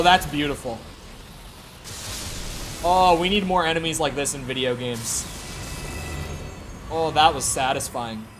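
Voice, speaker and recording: A man's voice: a little high, background noise. A man streaming a video game, chatting casually, swearing freely and talking back to the screen as he plays. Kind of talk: casual live-stream gameplay commentary.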